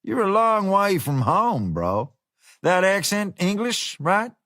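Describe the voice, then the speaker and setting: A man voicing a smooth, menacing male American fixer who talks with easygoing slang. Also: sits high, very animated, slow pace, fairly bright tone, no room sound, studio quality, pitched above the performer's own voice, heavily acted. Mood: drawling menace.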